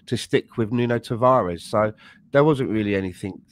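A man from Canada, co-hosting a podcast and talking through a match in a measured, thoughtful way. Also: fairly low pitch. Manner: measured, thoughtful, hesitant with fillers. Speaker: podcast co-host. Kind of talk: casual chat, match analysis.

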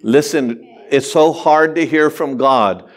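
Animated high-voiced preacher. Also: male voice, takes it slowly. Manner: animated, talks straight to the congregation with humor. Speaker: pastor. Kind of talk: sermon. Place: church sanctuary.

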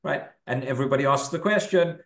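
A man's voice: medium pitch, fast talker, a bit bright. A man, a rabbi, giving a conversational class in a synagogue and reading sources aloud, with frequent fillers and restarts. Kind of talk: casual spoken Torah class. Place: synagogue room. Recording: echoey room.

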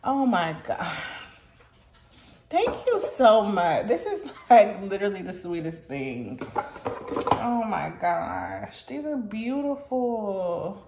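A woman beauty vlogger chatting casually while unboxing, gushing and excitable. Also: medium pitch, slow pace, vocal fry. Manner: gushing and excitable, many "oh my gosh"s. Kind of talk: casual vlog chat. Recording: echoey room with faint noise.

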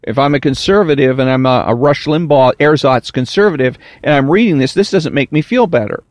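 A man delivering a political commentary monologue, deliberate and emphatic, slowing to stress key words. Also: mid-range voice, no room sound. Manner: deliberate, emphatic, drawn-out stresses, mocking whiny impressions.

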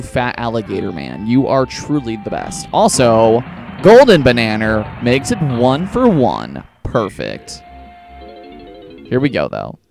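A man's voice: mid-range voice, vocal fry, darkish tone. A young man hosting a let's-play, rambling through casual gameplay commentary with lots of filler words. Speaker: gaming channel host.

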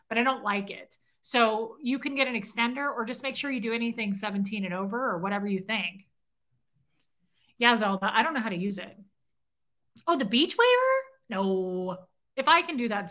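Her voice is medium in pitch, pushed and bright, captured through a phone. As host of a laid-back livestream, she talks with her audience, reads their comments aloud, and teases both them and herself.

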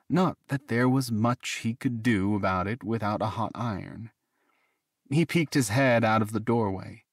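A man reading a fantasy romance audiobook in a measured, even narration. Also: mid-range voice, no echo, studio quality. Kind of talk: scripted narration.

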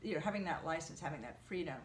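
A woman being interviewed, telling an animated story with lots of fillers. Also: low-pitched, racing, echoey room, slight background noise. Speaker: translator, interviewee. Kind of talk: conversational interview.

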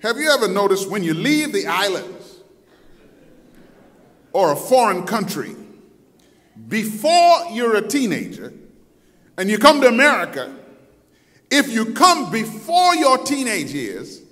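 A man preaching a sermon, telling the story dramatically and acting out voices, moving between loud, intense passages and soft asides. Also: high voice, wildly swooping pitch, unhurried, pauses often. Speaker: pastor. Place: church sanctuary. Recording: long hall reverb.

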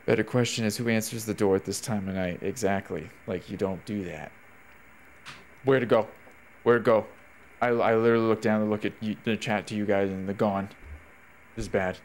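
A man's voice: lowish voice, steady tone, brisk, a little hiss or hum. A man streaming a horror game, talking to his chat as he plays, reacting with swearing and laughter. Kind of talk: casual gaming commentary.

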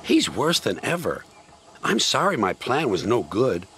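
A man voicing a gentle, worried old male engine in a storybook tale, hushed and apologetic. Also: mid-range voice, very animated, measured pace, breathy edge, heavily acted. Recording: loud music behind.

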